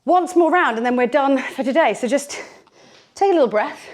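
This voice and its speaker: A woman's voice: high-pitched, lively intonation, normal speed. A woman leading a bodyweight workout as a fitness instructor, chatty and encouraging, a little out of breath, speaking into a clip-on mic. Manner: chatty, encouraging, jokey coaching. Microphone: clip-on microphone on her t-shirt.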